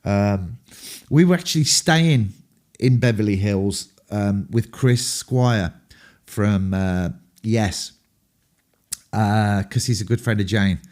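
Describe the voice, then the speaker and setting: A mellow, warm-toned man with an English accent tells candid anecdotes from his rock-and-roll days. He rambles, swears freely and fills his pauses with ums. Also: on the low side. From England. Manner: rambling, profane, full of ums. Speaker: rock band frontman.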